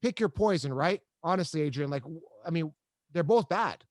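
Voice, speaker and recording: A male podcast host telling a personal story in a halting, emphatic way, often repeating himself. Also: a little high, animated, no echo. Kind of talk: emotional interview storytelling.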